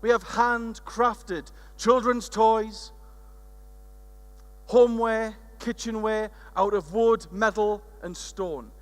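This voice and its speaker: A man's voice: sits high, fairly even intonation, takes it slowly. A man quoting a proud woman who owns an upmarket shop, told in an earnest, matter-of-fact way in his own voice. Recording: reverberant conference hall.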